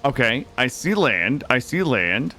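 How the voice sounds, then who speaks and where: A man's voice: medium pitch, sing-song, unhurried, sharp tone. A young man live-streaming a video game, talking anxiously and dramatically to his chat as he plays.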